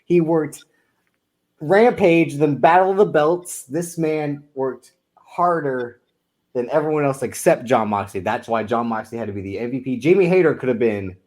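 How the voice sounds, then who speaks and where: A man's voice: medium pitch, normal speed, darkish tone. A man co-hosting a podcast, arguing his opinions in casual chat. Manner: opinionated, argues his picks. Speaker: podcast co-host.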